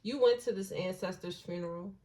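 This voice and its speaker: A woman giving a casual intuitive tarot reading, slangy and blunt, musing aloud and dropping into soft hushed asides. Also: on the low side, a little fast, poor audio. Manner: slangy and blunt, with occasional swearing. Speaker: tarot reader.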